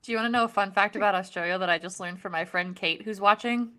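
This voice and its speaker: A woman's voice: mid-range voice, fast, pushed and bright, slight background noise. A woman chatting playfully in a casual podcast conversation. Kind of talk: casual chat.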